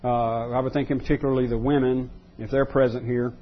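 Husky-voiced pastor preaching a sermon. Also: male voice, mid-range voice, level tone, brisk, highs cut off. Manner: many restarts, repeats words for emphasis.

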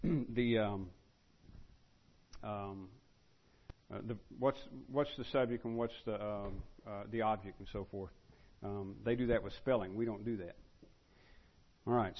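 A man preaches a teaching sermon in an easy, conversational way, with a mid-range voice. He stumbles over restarts and fillers, then slows right down to stress key words. The recording sounds a little dull and lo-fi. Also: mid-range voice.

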